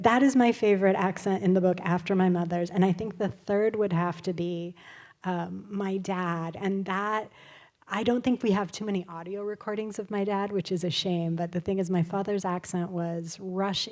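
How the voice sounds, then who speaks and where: A woman speaks as an author guest before a live audience, telling stories in a chatty, animated way. Her voice sits at a middling pitch, and her talk is loose and full of fillers. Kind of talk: casual live storytelling.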